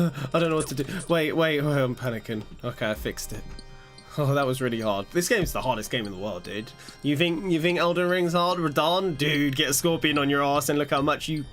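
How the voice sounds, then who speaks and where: Young male streamer, higher voice, rambly and self-mocking, faint music underneath. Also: fairly bright tone. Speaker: gaming streamer. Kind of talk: live-stream chat while gaming.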